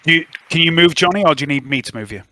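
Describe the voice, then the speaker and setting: A man's voice: a little high, animated, bright, forceful tone. A man running a tabletop role-playing game, jokey and teasing with his players. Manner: jokey, teasing, quick to laugh. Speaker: game master. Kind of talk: casual tabletop game narration.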